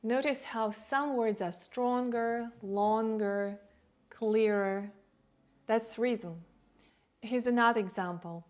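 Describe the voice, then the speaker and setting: A woman teaching English who talks slowly and clearly, leaning on key words to show stress and rhythm for learners. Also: on the high side, a little mellow. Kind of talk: slow, clear teaching delivery.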